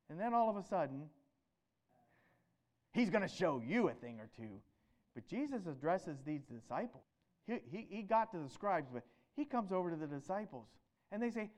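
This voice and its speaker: Animated high-voiced male preacher. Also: moderate pace. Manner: animated, rhetorical questions, swings between loud emphatic and quiet. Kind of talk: sermon.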